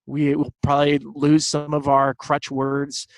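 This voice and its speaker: A man's voice: on the high side, monotone, measured pace, dry recording, poor audio. A man from Southern California in his thirties, a baseball broadcaster, telling stories easily as a guest in a casual interview. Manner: easygoing storyteller.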